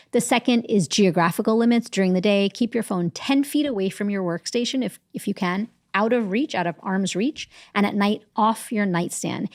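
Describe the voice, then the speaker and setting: A woman who is a medical correspondent and author, explaining the science clearly and calmly in an interview. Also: medium pitch, dry recording, studio quality. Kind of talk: expert interview answers.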